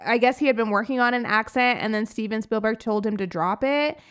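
A woman's voice: fairly high pitch, brisk, fairly bright tone, clean tone. A woman co-hosting a casual movie-review podcast, chatting easily and laughing often as she talks. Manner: giggly, laughs often mid-sentence. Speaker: podcast co-host.

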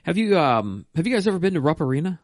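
Man, podcast co-host, animated, joking, lively pitch, dry close mic. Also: no room sound. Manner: animated, joking, quick to laugh. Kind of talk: casual chat.

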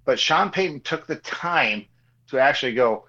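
A man co-hosting a sports podcast, riffing in an animated, joking way and repeating himself. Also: mid-range voice, moderate pace. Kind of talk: casual sports talk. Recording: slightly dull, lo-fi mic.

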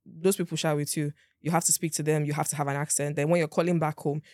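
A speaker from Nigeria talks quickly in casual conversation, asking probing questions and often restarting sentences. The voice sits at a middle pitch. The recording is dry and close. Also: level tone, a little mellow, no room sound. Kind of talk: casual chat.

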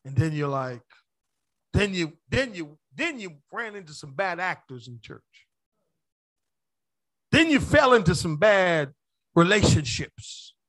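A man with a high voice preaching a sermon to his congregation. He swings from quiet, quick asides with a chuckle to shouted, rising lines, calling for a response from the room. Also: big pitch swings. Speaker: pastor.

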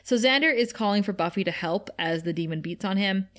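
A woman's voice: medium pitch, a little fast, fairly bright tone. A woman co-hosting a podcast, recapping an episode in a chatty, filler-heavy way. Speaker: podcast co-host.

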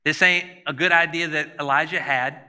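A man's voice: fairly high pitch, steady tone, normal speed, pushed and bright, clean tone, big-room sound. A man preaching a sermon to a congregation in a conversational style, often putting questions to them. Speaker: pastor.

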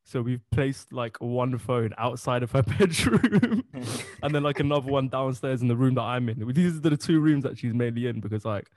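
A man's voice: medium pitch, animated, moderate pace, a little mellow, no echo. A man co-hosting a podcast, chatting casually with lots of fillers and laughter. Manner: laughing, rambling with many fillers. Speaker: podcast co-host. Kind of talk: casual chat.

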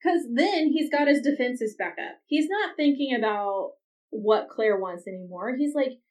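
A woman's voice: on the high side, expressive, unhurried, a little mellow. A woman hosting a podcast, recapping a TV episode in casual chat with chatty, exasperated asides. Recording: dull, slightly distant lo-fi recording.

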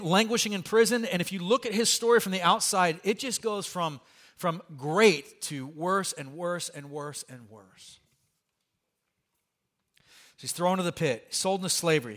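Animated male pastor preaching. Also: sits high, moderate pace. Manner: conversational, animated preaching with asides and humor. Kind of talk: sermon.

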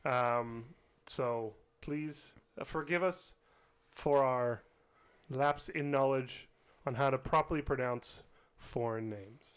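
A man's voice: medium pitch, slow, fairly bright tone, smooth. A man co-hosting a casual film podcast, easygoing and laughing a lot, often trailing off mid-sentence. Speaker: podcast co-host. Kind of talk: casual chat.

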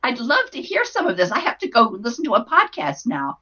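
A woman's voice: on the high side, huge pitch swings, brisk, sharp tone, husky, dull audio. A woman interviewing podcast hosts, reacting with enthusiastic short exclamations. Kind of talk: casual interview chat.

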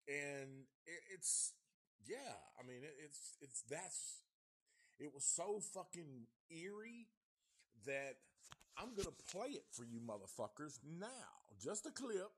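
Homme qui critique un film, très familier. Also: male voice, a little high, animated, takes it slowly, slightly rough. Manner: profane, rambling, restarts often. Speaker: movie reviewer. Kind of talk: casual rambling film review.

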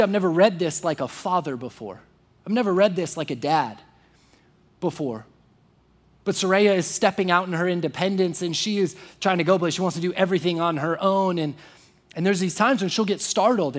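Young guy pastor, high voice, chatty sermon with lots of "like"s and restarts, acts out little voices. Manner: conversational, many "like" fillers and restarts, acts out quoted voices.

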